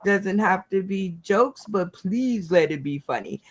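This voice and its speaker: Brief: unhurried, gushing game show host on a video call. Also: medium pitch, lively intonation. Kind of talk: casual hosting.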